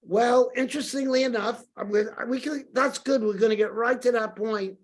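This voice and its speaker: A man's voice: very high voice, brisk. Older New man telling stories. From New York. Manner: lively anecdotal storyteller, acts out quoted dialogue. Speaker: podcast guest. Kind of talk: casual storytelling interview.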